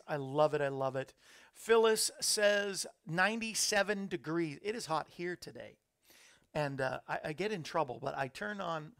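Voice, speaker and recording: A casual live show from a small, hot-lit studio is hosted by a man whose fairly high voice is gravelly yet fairly bright. Into a studio microphone, he chats, reads viewer comments aloud, and makes upbeat asides.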